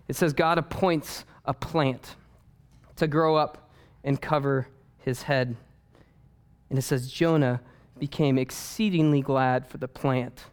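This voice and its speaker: A man preaches a sermon, retelling the story with animated humor and playful asides. His voice sits a little high and sounds smooth and clear, as in a church. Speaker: pastor.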